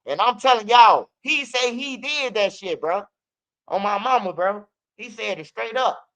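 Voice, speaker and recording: A man from Chicago with a Chicago accent, telling street stories casually in an animated, profane way and acting out what others said. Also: high-pitched, a little slow. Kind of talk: casual storytelling.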